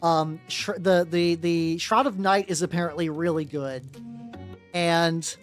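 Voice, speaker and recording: A woman's voice: lowish voice, fairly even intonation, measured pace. A young woman chatting casually on a livestream, rambling with lots of restarts and greeting her chat. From United States. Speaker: streamer. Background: faint background music.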